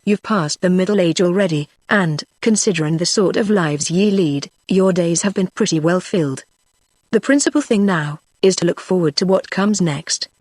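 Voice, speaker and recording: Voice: medium pitch, moderate pace, darkish tone, no echo, studio quality, close to an everyday voice. A text-to-speech voice reading the lines of a young male frontier hunter who speaks in an earnest, rustic backwoods dialect. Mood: solemn. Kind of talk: synthetic audiobook reading.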